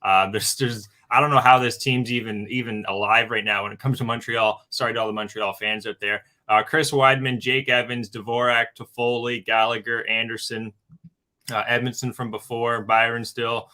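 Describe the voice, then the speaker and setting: On a betting show, a male guest gives his hockey pick in casual sports talk full of fillers, often addressing listeners as "guys." His medium-pitched voice is flat and sharp-toned at a moderate pace.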